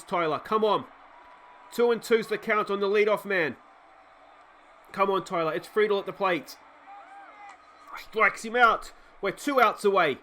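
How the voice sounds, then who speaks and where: Excitable Australian gamer commentating baseball. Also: male voice, high voice, a little hiss or hum. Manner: emotional play-by-play, shouting at players. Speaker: let's play gamer and commentator.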